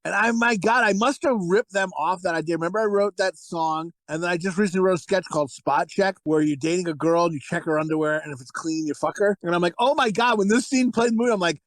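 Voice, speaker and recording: A man co-hosting a casual movie review podcast, talking in a crude, profane, rambling and excitable way. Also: high voice, quick pace, hardly any pauses, no echo, rough recording. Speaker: podcast co-host.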